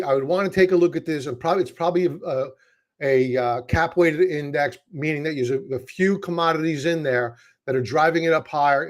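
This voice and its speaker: A man with a Brooklyn accent giving casual, chatty stock market commentary, joking at his own expense. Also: on the high side. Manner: chatty, self-deprecating, wordy restarts. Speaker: market analyst.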